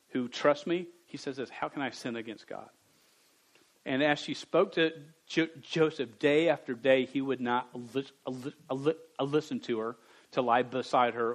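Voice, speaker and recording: A man preaching a sermon to young people, stammering at times and jumping from quiet reading to loud bursts. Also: medium pitch, low-quality recording. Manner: stammers on words.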